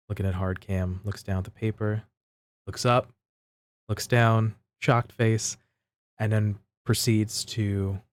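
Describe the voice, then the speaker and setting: A man co-hosting a casual wrestling chat, recapping events in a measured, step-by-step way. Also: fairly low pitch, no room sound. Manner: measured, recaps step by step with fillers like "type of thing". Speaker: podcast co-host.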